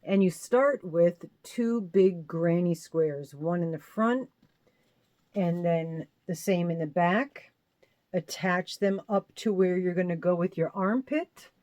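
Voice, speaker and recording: A woman's voice: lowish voice, slow, darkish tone, no room sound. Chatty woman showing her crochet sweaters. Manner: rambling, self-correcting, chatty with small laughs. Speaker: crochet channel host. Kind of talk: casual show-and-tell crochet talk.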